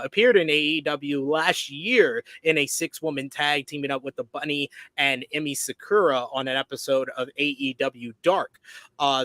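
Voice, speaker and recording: A man's voice: a little high, pushed and bright, no room sound. Man reading wrestling news, dry close sound. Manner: reads news and quotes aloud with frequent uh fillers. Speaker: podcast host.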